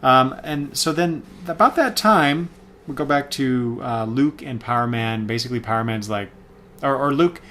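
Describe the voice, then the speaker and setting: A man's voice: mid-range voice, moderate pace, a bit bright, slight background noise. A man giving a casual, rambling spoken review of comics, full of fillers and self-corrections.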